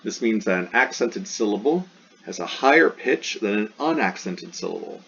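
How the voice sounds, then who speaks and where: A man's voice: on the low side, expressive, normal speed, gravelly, a bit bright, a little hiss or hum. A man teaching a recorded lesson, explaining step by step and repeating sounds aloud. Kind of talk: recorded classroom lecture. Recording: dull lo-fi sound.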